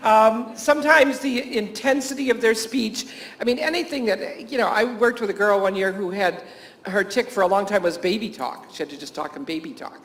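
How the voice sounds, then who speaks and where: High-voiced man telling chatty anecdotes. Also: normal speed, fairly bright tone. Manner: anecdotal, chuckling often, many fillers and restarts. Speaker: teacher and camp staff speaker. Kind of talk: conference talk to health professionals.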